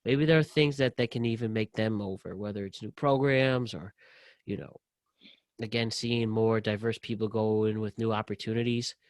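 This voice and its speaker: A man's voice: fairly low pitch, moderate pace, dry recording. Joking man hosting a casual podcast. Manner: joking, loose, animated storyteller. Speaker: podcast host. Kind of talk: casual interview chat.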